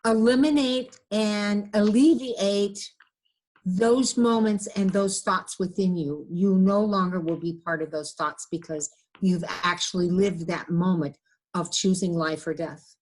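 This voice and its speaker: Woman medium, earnest and gentle, mid-pitched, relays messages. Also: steady tone, measured pace. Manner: earnest, gentle, relays words with many "he says". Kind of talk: casual chat, relaying messages.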